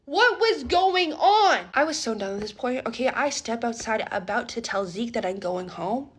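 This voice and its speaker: A young woman casually retelling a wild dating story in a storytime vlog, animated and dramatic, often asking "okay?". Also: on the high side, a little fast, breathy edge.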